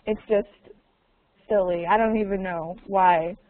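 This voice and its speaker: Speaking a little slowly in a steady, medium-pitched voice, a woman teaches an online English conversation class. She repeats questions patiently and mixes in Russian words for explanation. The recording is dry, with tinny, narrow call audio and faint noise.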